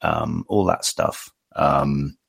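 A man's voice: very deep voice, steady tone, drawn-out words, creaky, fairly bright tone, a little hiss or hum. A man co-hosting a podcast in a casual, rambling, self-deprecating way. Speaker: podcast co-host.

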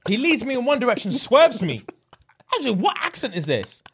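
A man, co-hosting a casual podcast chat, slangy and animated. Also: very high-pitched, brisk, slightly rough. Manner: animated, slangy, acts out quotes in silly voices. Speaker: podcast co-host.

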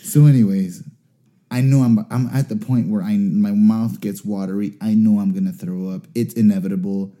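Young man, very dark mellow tone, profane and self-mocking, casual storyteller. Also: lowish voice, steady tone, normal speed.

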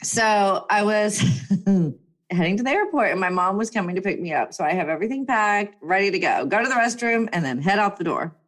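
A young woman telling a personal story in a casual, animated way, full of fillers and acted-out quotes. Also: medium pitch, moderate pace. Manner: animated, chatty, lots of fillers and voiced quotes.

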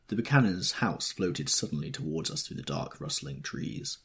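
Male narrator for literary audiobook; low, husky, expressive, animated phrasing. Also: normal speed.

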